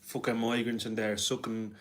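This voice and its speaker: A man putting on a Dublin accent to voice an aggressive, foul-mouthed local man who shouts and swears. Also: lowish voice, level tone, moderate pace, lightly acted. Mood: enraged.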